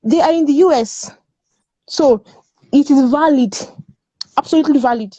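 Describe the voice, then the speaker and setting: A high-voiced woman argues her point in a casual discussion. She is emphatic and repeats herself, and she laughs often. Her tone is mellow and dry, and the recording sounds dull and muffled. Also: moderate pace, no echo. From Nigeria. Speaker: guest panelist.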